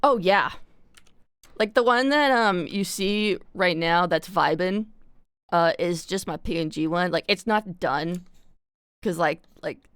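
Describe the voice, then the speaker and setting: Young woman streaming from home, rambling casual chat with a lowish voice and a close, dry mic. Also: slow pace, a bit bright, smooth, no echo. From Canada. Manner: chatty, rambling, swears casually, frequent "like" and "bro".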